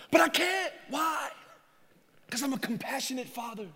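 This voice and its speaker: Animated preaching man, echoing hall. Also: very high voice, a little fast, raised voice. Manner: animated, joking, laughs often. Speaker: pastor. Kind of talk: sermon. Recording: reverberant hall.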